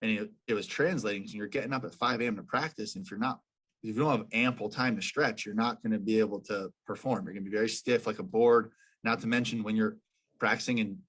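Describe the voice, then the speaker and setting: A man's voice: lowish voice, fairly even intonation, quick pace, a bit bright. A young man, a professional lacrosse player, telling stories as a guest in a casual podcast interview, with many fillers and restarts.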